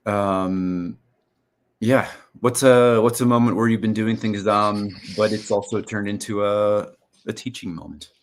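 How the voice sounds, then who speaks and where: A man's voice: fairly low pitch, fairly even intonation, a little slow. A man in his forties co-hosting a casual video-call chat, rambling and restarting his sentences. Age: 40s. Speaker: podcast co-host.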